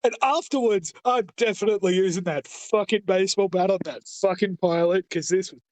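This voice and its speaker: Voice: medium pitch, brisk, darkish tone, no room sound. A tabletop game player in casual chat, blunt and profane, often laughing.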